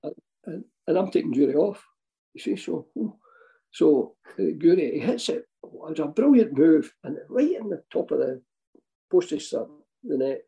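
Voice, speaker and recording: On a low-quality recording, an older Scottish man who used to manage football teams tells chuckling, rambling stories with restarts, acting out voices in quotes. His voice is fairly high, creaky and dark, with lively intonation at normal speed.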